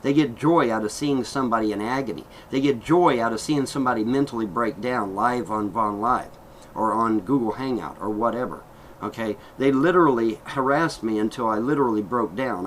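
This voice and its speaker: A man's voice: fairly low pitch, a little fast, slight background noise, poor audio. A middle-aged man vlogging an aggrieved, heated rant, swearing and repeating himself as he airs his complaints. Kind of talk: angry vlog rant.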